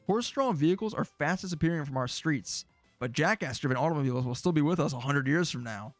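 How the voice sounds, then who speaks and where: A man's voice: a little high, lively intonation, fast talker, no room sound, soft background music. A man streaming casually, reacting to old predictions with jokey, sarcastic remarks.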